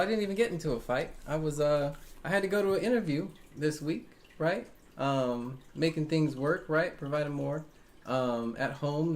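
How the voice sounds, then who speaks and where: Speaking at a medium pitch, this live-streaming tarot reader addresses viewers in an earnest, casual way. The tone turns defensive and emphatic, with repeated phrases and frequent "right?" and "man" tacked onto lines.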